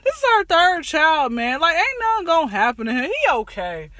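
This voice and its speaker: A woman in her twenties hosting a casual chat show, telling animated stories and acting out family dialogue. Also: very high voice, fairly quick, no room sound. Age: 20s. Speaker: podcast host.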